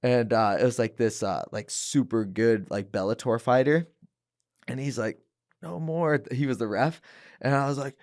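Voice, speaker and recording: A young man on a podcast who tells his story in a casual, animated way and acts out the voices of the people in it. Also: mid-range voice, moderate pace. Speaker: guest, fighter. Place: podcast studio.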